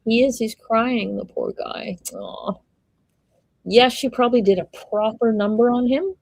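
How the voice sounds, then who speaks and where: A woman's voice: on the high side, measured pace, creaky, a little mellow, no room sound, low-quality recording. A woman hosting a livestream, giving casual live commentary on a trial and reading messages aloud with running asides.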